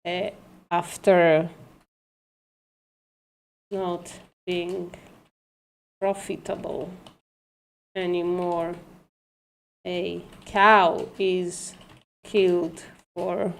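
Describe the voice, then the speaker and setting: A woman hosting a casual livestream, working through logic aloud in a halting, self-correcting way, swearing and laughing at herself. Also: lowish voice, little pitch movement, vocal fry. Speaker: livestream host.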